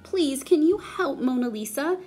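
A woman playing an eager little girl with a very high, excitable voice in a read-aloud storybook. Her pitch leaps around, with faint music behind. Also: measured pace. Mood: earnest.

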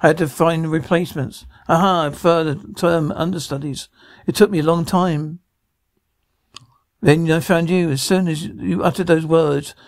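A man's voice: on the high side, gravelly, no room sound, clean studio sound. A man reading every part of a drama aloud, sound cues included, with slips and restarts. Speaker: radio show reader voicing a TV drama.

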